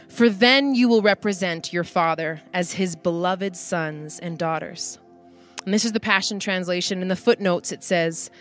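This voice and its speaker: Animated woman pastor preaching. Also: mid-range voice. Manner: animated, excited preaching with emphatic lists. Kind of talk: sermon.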